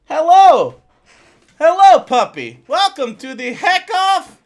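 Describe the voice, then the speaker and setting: A high, soft-voiced "Jan" who talks in small, careful, childlike sentences, a meek European caricature of a male pundit, as a man puts him on. His phrasing is gentle and halting, like someone trying very hard to be nice. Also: lively intonation, exaggerated voice. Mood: gentle, silly. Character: meek, simple-minded European parody of a male political commentator.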